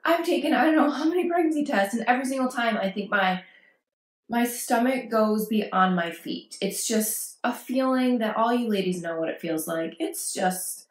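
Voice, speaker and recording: A woman's voice: on the high side, normal speed. A woman vlogging parenting advice, talking casually and reassuringly to camera and acting out worried quotes. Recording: echoey room.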